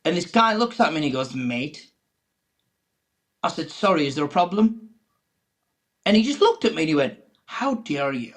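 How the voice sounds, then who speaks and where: A man's voice: a little high, moderate pace, pauses often. A man, a comedian guest, telling a story in a panel chat and acting out the voices he quotes. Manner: animated anecdote teller, acts out quoted voices.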